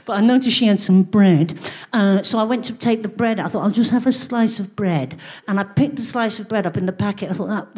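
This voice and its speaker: A woman's voice: medium pitch, a little mellow. A woman performing live stand-up, telling stories in a dry, wry way with lots of rhetorical asides. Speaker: stand-up comedian and co-host. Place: live venue.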